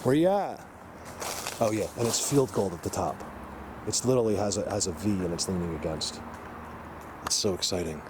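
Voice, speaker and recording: A man vlogging on a handheld camera outdoors in the woods, rambling excitedly and talking to his viewers. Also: low-pitched, brisk. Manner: excitable, rambling, addresses viewers as you guys. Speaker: Bigfoot hunter vlogger. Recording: noisy outdoor camera audio. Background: birds and outdoor ambience.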